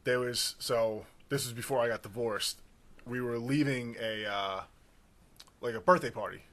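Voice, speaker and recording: A man in his thirties co-hosting a casual podcast, telling stories loudly and swearing freely. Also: mid-range voice, normal speed. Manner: loud animated storytelling, swearing. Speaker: podcast co-host.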